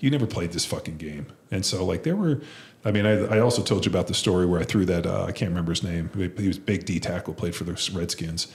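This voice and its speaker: A man who played football telling profane, animated stories in a casual chat. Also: low-pitched, quick pace, gravelly. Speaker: podcast host, former football lineman.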